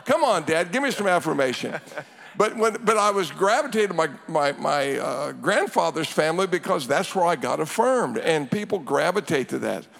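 An older man preaching as a pastor and coach, telling a childhood story in an animated way. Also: a little high, normal speed, creaky. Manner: animated storytelling, sound effects. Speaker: pastor and coach, father of co-host. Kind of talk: storytelling sermon.

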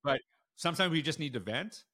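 A man speaking as a podcast guest, recounting his own stories in a casual, animated way. His voice is bright and forceful. He leaps up in pitch when he acts out the people he is quoting. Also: brisk. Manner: animated, acts out quotes with big jumps in pitch. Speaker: school principal and guest. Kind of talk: casual storytelling in a podcast interview.

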